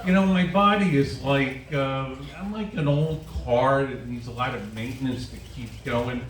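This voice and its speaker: A man's voice: medium pitch, normal speed. A man in his sixties doing a self-deprecating stand-up comedy set for a live audience at a winery. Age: 60s. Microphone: camera on a tripod at the back of the room. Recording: echoey room, distant camera mic, audience noise.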